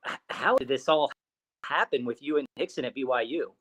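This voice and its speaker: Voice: mid-range voice, fairly quick, fairly bright tone, no room sound. A podcast host reacting with amazement and asking the guest a question. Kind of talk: interview questions.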